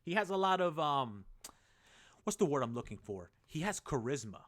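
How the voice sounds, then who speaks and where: Excitable young man rambling on a live stream. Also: on the high side, normal speed. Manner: excitable, rambling, swears freely. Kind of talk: casual live-stream chat.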